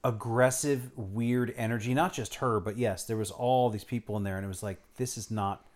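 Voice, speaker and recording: A man's voice: mid-range voice, steady tone, a little fast. Blunt, laughing man in casual chat. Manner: blunt, profane, easily amused.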